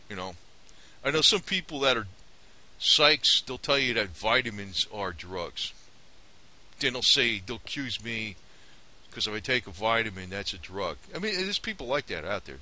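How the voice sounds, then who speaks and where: A man rambles through an indignant, conspiratorial rant to his viewers. His voice sits low but swings widely in pitch, with a sharp, tense edge. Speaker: vlogger. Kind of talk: casual opinion rant to camera.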